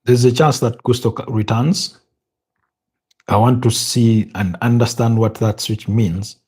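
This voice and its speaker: A man's voice: mid-range voice, steady tone, measured pace, warm tone, slightly rough. A tired man from Uganda doing a live football watch-along, thinking aloud with hesitations and repeated words. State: tired, yawning. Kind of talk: live match commentary and chat.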